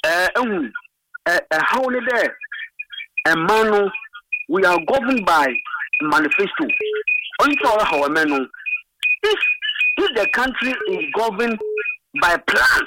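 A man's voice: sits high, expressive, a little slow, pauses often, far from the mic, very noisy. A man calling a sports radio show, making his point emphatically with repeats. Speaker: caller. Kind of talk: phone-in call.

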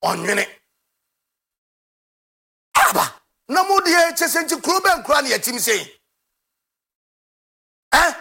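A man's voice: very high-pitched, big pitch swings, takes it slowly, gravelly, pauses often, pushed and bright. A man hosting a football talk show, ranting with passion and sometimes half-singing his lines. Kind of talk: impassioned commentary.

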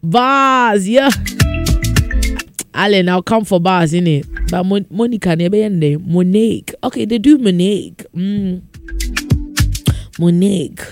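A man's voice: high voice, normal speed, few pauses, darkish tone, soft background music. A man hosting a casual show, reading out listener messages in a playful, teasing way and laughing often.

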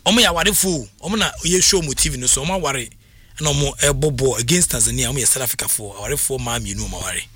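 A man giving casual sports news commentary, talking excitably with emphatic repetitions and frequent restarts. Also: mid-range voice, fast.

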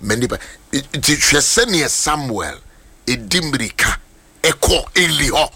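A man's voice: mid-range voice, slow pace, slight background noise. A man preaching as pastor, telling stories and switching between Twi and English, acting out the voices of people he met. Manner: animated storyteller, mixes Twi and English, acts out voices. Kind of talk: sermon talk on mentorship.

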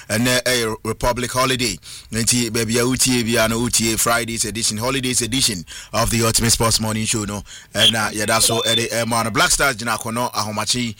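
A Ghanaian man hosting a call-in sports radio show, briskly mixing languages and reading out phone numbers at a studio microphone. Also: medium pitch, little pitch movement, sharp tone.

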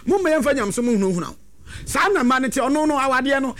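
Animated man giving preachy advice. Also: extremely high pitch, quick pace. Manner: animated, preachy, sometimes shouting. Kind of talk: lively advice talk.

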